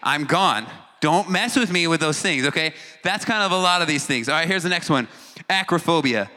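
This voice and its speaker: Bright-voiced joking man, hall reverb. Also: fairly high pitch, lively intonation, normal speed. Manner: joking, acts out reactions, stumbles over long words. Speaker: youth speaker. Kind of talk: casual talk to a teen audience.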